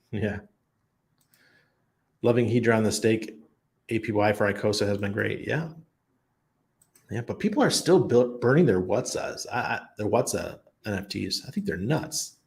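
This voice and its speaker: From his home in Panama, a crypto streamer with a lowish, gravelly voice runs a laid-back live chat. He goes through viewer comments one by one, replying off the cuff, talking loosely and thinking out loud.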